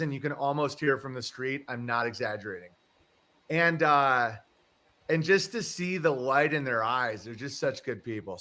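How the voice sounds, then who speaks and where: A man's voice: on the high side, pushed and bright. A man hosting a casual livestream, rambling through a story, chuckling and swearing casually. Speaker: livestream host. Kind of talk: casual chat.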